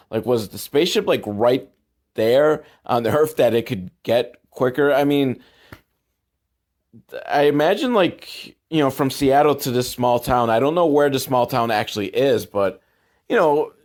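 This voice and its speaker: A man hosting a podcast, recapping a film with weary sarcasm. He rambles from one complaint to the next and sounds fed up with what he is watching. His voice sits at an ordinary pitch for a man. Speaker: podcast host.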